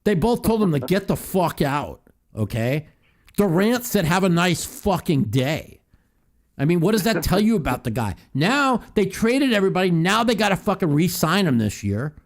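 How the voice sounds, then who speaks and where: A man hosts a call-in talk show. His slightly high voice swings in a lively, animated way, and he rants heatedly with plenty of swearing. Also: moderate pace. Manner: profane, heated ranting with mocking quotes.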